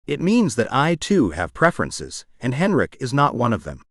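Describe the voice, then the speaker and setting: A man voicing a tiny, husky, teasing foreign woman. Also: medium pitch, wildly swooping pitch, moderate pace, dry recording, clean studio sound. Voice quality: husky rasp.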